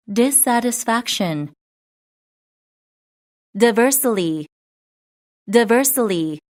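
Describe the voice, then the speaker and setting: This is a woman reading a vocabulary list aloud for students. She says every word twice at an unhurried, deliberate pace. Her voice sits a little high, and each word is cleanly separated from the next. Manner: reads each word twice with even, careful enunciation. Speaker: vocabulary reader.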